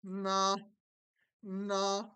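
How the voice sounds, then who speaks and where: A man hosting a casual stream, chatting loosely and swearing, with sudden animated outbursts. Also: high voice, very slow. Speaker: streamer host.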